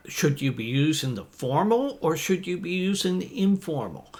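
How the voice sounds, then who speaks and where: A man in his fifties teaching business English phrases to camera, reading example lines slowly and deliberately in an encouraging tone. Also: fairly high pitch, lively intonation.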